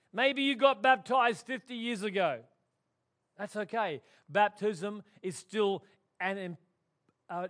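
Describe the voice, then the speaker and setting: A man preaching a sermon, swinging from loud emphatic declarations to hushed, quiet tones. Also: high-pitched. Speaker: pastor.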